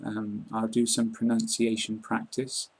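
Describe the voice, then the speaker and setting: A British man with a husky edge to his voice, teaching an online English lesson. He speaks in a flat, even tone and explains things calmly and clearly. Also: lowish voice, measured pace, rough recording.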